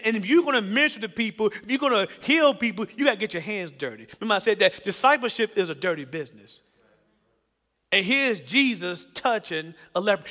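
A man preaching a sermon in an animated way, asking the congregation questions and acting out the voices he quotes. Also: high-pitched, in a large hall. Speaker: pastor.

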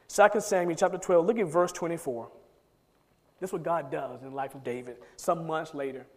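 A man with a high voice preaches a sermon, swinging from loud, urgent emphasis to low, quiet asides. He repeats words in rapid bursts as he builds a point. His voice rings through a large hall with a long reverb tail. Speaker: pastor.

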